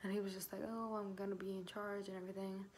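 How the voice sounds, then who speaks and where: A woman's voice: medium pitch, level tone, fast talker, a little mellow, slight background noise. A pregnant teenage girl telling her story to camera in a casual vlog, chatty and full of fillers, swearing freely. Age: teens. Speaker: vlogger.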